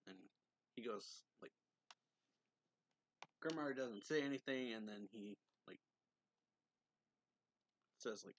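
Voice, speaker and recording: A man's voice: on the low side, measured pace, long pauses, no room sound. Rambling man recapping a comic chapter. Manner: rambling, filler-heavy retelling; reads character quotes aloud in his normal voice. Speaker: manga reviewer.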